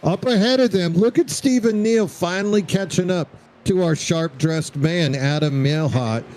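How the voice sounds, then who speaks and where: A man's voice: high voice, moderate pace, a little mellow, rough recording. A man doing play-by-play commentary on a sim racing broadcast, joking and bantering with his co-host.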